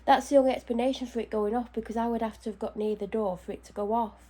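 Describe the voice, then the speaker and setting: A woman's voice: on the high side, steady tone, fast talker, dark tone. A woman chatting casually at home while doing her skin care, anxious and out of breath. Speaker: vlogger. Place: home bedroom.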